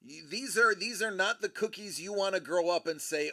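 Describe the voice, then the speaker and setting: A man hosts a casual livestream chat in a gravelly, bright voice that sits fairly high for a man and swoops through a lively pitch range. At a normal speed, he rambles in an animated way, often restarting and correcting his sentences.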